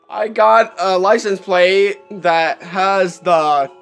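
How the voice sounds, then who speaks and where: A man's voice: sits high, takes it slowly, few pauses, fairly bright tone, soft background music. A man streaming live gameplay commentary, chatty and easily exasperated, laughing often at what happens on screen.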